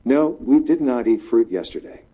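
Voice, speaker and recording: A man answering a teacher's questions with flat, repeated example sentences, recorded with dull lo-fi sound. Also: mid-range voice, moderate pace, slightly rough. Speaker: dialogue partner answering questions.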